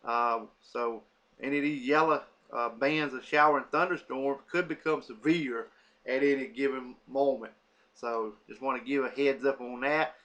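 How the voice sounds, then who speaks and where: A man's voice: medium pitch, steady tone, normal speed, fairly bright tone. A man giving a casual weather forecast, reading lists of cities off a map with many fillers.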